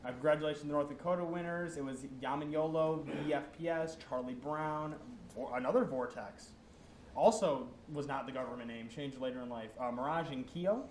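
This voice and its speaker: A man's voice: fairly high pitch, a little fast, a little mellow. A young man co-hosting a casual esports recap, joking as he rattles off player names. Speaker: co-host. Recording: echoey room, faint noise.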